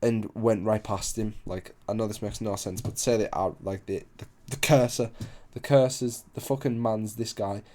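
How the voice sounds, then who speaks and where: A man's voice: fairly low pitch, fairly even intonation, normal speed, few pauses, a little mellow. A young man casually telling a story, rambling, swearing a lot and losing his place.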